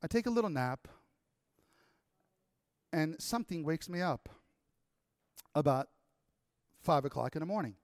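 A man with a notably high voice tells a personal story to an audience. He talks in an animated way and acts out every exchange. The sound is dry, with almost no room in it. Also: a little slow, pauses often, no echo.

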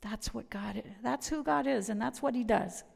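A woman preaching a sermon and telling personal stories, swinging from loud emphatic lines down to near whispers. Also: a little high, moderate pace, vocal fry. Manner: dramatic shifts from loud to whispered. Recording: long reverb of a hall.

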